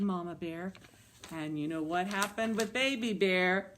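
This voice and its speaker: A woman librarian telling a story to young children, animated and coaxing them with questions. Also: lowish voice, a little slow.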